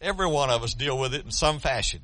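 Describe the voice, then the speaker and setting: An older man preaching a sermon, folksy and fervent, stammering through restarts and breaking into shouts. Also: medium pitch, expressive, quick pace, no room sound. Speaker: pastor.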